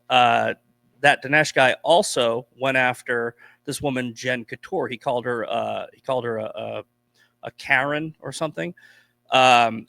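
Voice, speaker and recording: A man's voice: medium pitch, gravelly, fairly bright tone, no echo. A man from Boston, a podcast guest, telling stories in blunt, profane casual chat. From Boston, USA.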